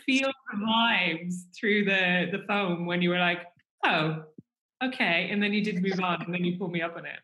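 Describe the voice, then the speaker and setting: Co-host, casual anecdote teller, bright forceful tone, echoey room. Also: medium pitch, brisk, few pauses. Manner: storytelling, animated, filler-heavy. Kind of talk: casual chat. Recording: roomy echo.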